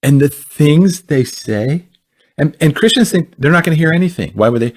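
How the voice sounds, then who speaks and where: A man's voice: on the high side, lively intonation, moderate pace, breathy edge. A man speaking earnestly in a conversational teaching style, often repeating words and restarting his phrases. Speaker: Christian ministry speaker.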